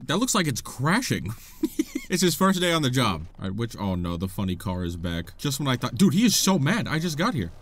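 A man's voice: mid-range voice, sing-song, a little fast. A man giving playful, sarcastic gameplay commentary as a video host, often laughing. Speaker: gaming YouTuber.

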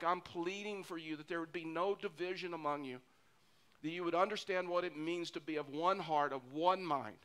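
A man's voice: on the high side, fairly bright tone, clean tone. A middle-aged man preaching a sermon as pastor, earnest and often repeating phrases for emphasis. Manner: earnest, repeats phrases when stressing a point.

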